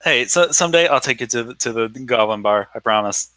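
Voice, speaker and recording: A man's voice: medium pitch, lively intonation, brisk, pushed and bright, no echo. A man voicing a wistful woman character who speaks in a reminiscing tone.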